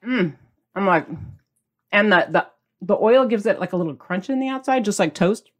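A woman's voice: mid-range voice, animated, normal speed. A middle-aged woman hosts a casual home cooking video in a bubbly, chatty way. She tastes the food as she goes and sometimes talks with her mouth full. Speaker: cooking channel host.

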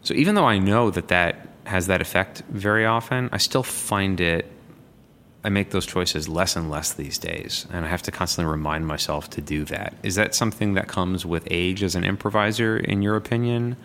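A man's voice: low voice, normal speed, a bit bright, big-room sound, a little hiss or hum. A man, an improviser, chatting casually and reflectively about his craft. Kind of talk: casual chat.

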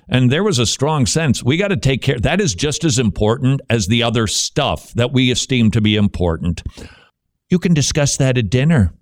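A man hosting a radio talk show, joking and animated, who turns preacherly when he teaches. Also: medium pitch, moderate pace, no room sound, clean studio sound. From Dutch heritage.

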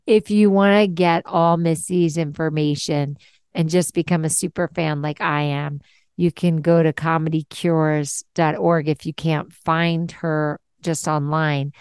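A woman's voice: low-pitched, steady tone, measured pace, darkish tone, clean tone, no room sound, clean studio sound. A woman hosting a podcast interview, chatting casually in an effusive, affirming way. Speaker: podcast host.

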